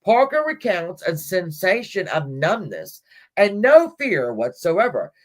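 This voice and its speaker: A woman's voice: fairly low pitch, very animated, a little slow. A woman hosting a livestream, casually retelling a story and giggling as she reads. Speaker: livestream host.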